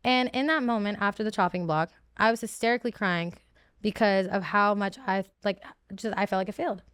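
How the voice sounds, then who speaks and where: A woman's voice: medium pitch, brisk, fairly bright tone, clean tone, no echo, studio quality. A woman in her twenties, a guest telling her story in casual chat, emotional and full of fillers.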